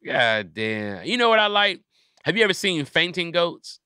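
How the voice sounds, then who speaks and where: A man's voice: on the high side, sing-song, normal speed, sharp tone, clean tone, no echo, studio quality. A man hosting a comedy podcast, riffing in casual profane chat and acting out little scenes.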